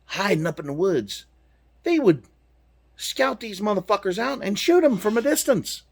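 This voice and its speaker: A man from the United States, a vlogger, fires off a heated, punchy, swearing rant to his viewers while sitting in his truck. His voice sits high and has a breathy edge.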